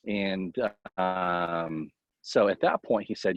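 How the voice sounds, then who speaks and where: A man who is a baseball coach, talking casually in an interview and giving tips in a rambling, animated way full of fillers. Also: deep voice, takes it slowly, no room sound. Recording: dull, lo-fi, dry sound.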